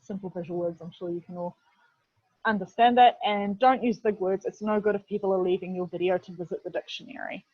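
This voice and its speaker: In a steady, fairly quick medium-pitched voice, a woman from New Zealand presents a chatty instructional webinar as head of video production. Fillers abound and "literally" keeps coming up. The video-call recording has no room sound and is dull, dry and lo-fi.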